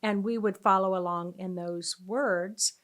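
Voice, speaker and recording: A middle-aged woman speaks earnestly and conversationally, recounting a personal story as a spiritual teacher. Her pitch sits in an ordinary middle range, and she often pauses on fillers as she gathers her thoughts. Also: fairly even intonation.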